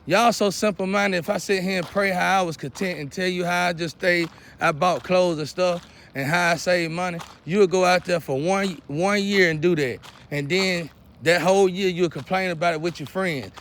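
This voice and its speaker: A man, lecturing and scolding his viewers in a preachy monologue, often clearing his throat. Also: sits high, fairly bright tone, a little hiss or hum. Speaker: vlogger.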